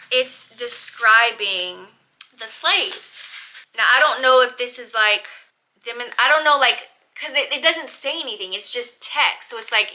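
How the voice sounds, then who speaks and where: A woman's voice: fairly high pitch, bright, forceful tone, rough recording. A woman, chatting animatedly and emphatically as she reviews books on her vlog. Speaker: book vlogger. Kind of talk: casual book review chat.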